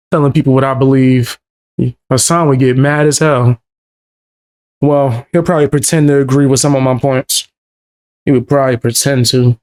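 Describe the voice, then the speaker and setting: A man co-hosting a reaction video, talking in an animated, slangy way and laughing often. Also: medium pitch. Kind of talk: casual reaction chat.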